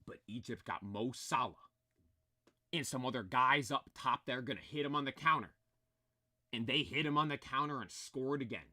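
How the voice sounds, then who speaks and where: Recorded dry in clean studio sound, a young man with a medium-pitched, pushed, bright voice tells an excited story at a normal speed. He rambles energetically with frequent fillers and restarts, sounding a little strained, his voice nearly lost from screaming.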